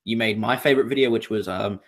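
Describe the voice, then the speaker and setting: A man's voice: on the low side, fast talker. A young Australian man co-hosting a casual podcast chat, rambling with many fillers and restarts. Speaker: podcast co-host.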